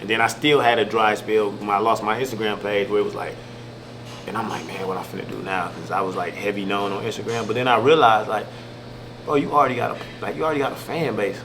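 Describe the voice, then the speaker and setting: Young male comedian from Milwaukee, relaxed slangy storyteller, talks fast, noisy ambience behind. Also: on the low side. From Milwaukee, Wisconsin. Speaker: comedian and social media creator. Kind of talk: casual interview chat.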